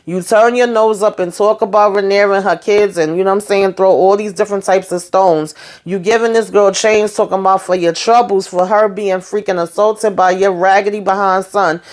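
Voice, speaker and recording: Speaking at a normal speed with a mid-range, steady voice, a woman gives a casual recap of a TV episode. She doesn't mince words, swears liberally, and briefly imitates the characters scene by scene.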